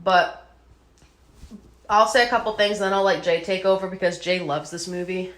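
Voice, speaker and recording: A woman's voice: fairly low pitch, steady tone, moderate pace, fairly bright tone, a little hiss or hum. A woman co-hosting a casual podcast, chatty and full of fillers, swearing now and then. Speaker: podcast co-host.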